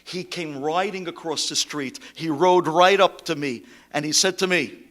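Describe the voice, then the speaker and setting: Impassioned high-voiced rabbi. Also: male voice, normal speed. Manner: impassioned, swings from shouting to hushed tones; sprinkles Hebrew and Yiddish-learned terms. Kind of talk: eulogy sermon.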